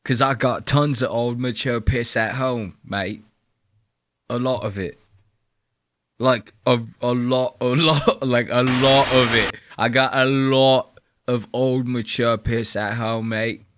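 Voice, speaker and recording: A man's voice: mid-range voice, steady tone, takes it slowly, noisy background, pitched below the performer's own voice, natural voice. A man putting on a mocking impression of an eager young male train enthusiast who keeps tacking "mate" onto his lines. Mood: mock-earnest. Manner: smug, dropping "mate" at the end of lines.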